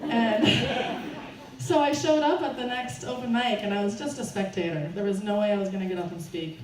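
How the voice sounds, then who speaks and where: A woman's voice: medium pitch, moderate pace. A woman tells a personal story to a live crowd. She talks nervously and laughs often as she goes. The sound is distant and echoey, with faint noise behind her. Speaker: speaker at a fundraiser.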